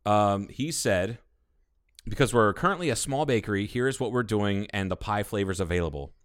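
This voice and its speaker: A man's voice: fairly low pitch, lively intonation, normal speed, clear, resonant tone. A man co-hosting a casual podcast, rambling and swearing freely as he talks about baking. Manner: profane, rambling, enthusiastic. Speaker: podcast co-host. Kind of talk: casual chat.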